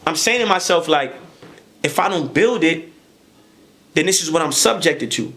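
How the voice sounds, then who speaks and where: A man with a high voice and tells a heated story in a podcast conversation. He talks in an animated, profane way, stacking repeated words when he gets worked up. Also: normal speed. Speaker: podcast guest.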